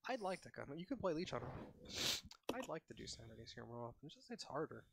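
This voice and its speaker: A man's voice: mid-range voice, sing-song, fast, vocal fry, slight background noise. A man streaming a video game, chatting casually and rambling with lots of filler words. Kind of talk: casual gaming chat.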